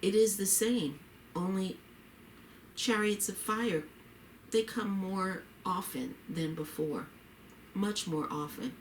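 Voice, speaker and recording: A woman's voice: mid-range voice, slow pace, pauses often, a little hiss or hum, natural voice. A woman reading the lines of a hopeful, pious young woman in a story, earnestly and reverently. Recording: roomy echo.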